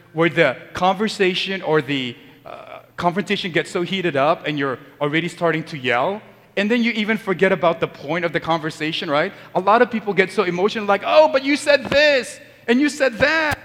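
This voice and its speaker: A man's voice: a little high, a bit bright. Middle-aged priest preaching, tells stories like he's chatting, voice rings out in a big echoey church. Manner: conversational storytelling, acting out quoted people. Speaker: Catholic priest. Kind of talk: Sunday homily.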